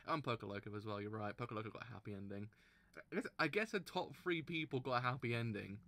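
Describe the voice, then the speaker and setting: A man hosting a live manga reaction, reading the text aloud with some stumbles and breaking into excited, loud exclamations. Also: medium pitch, fast. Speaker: manga reaction channel host.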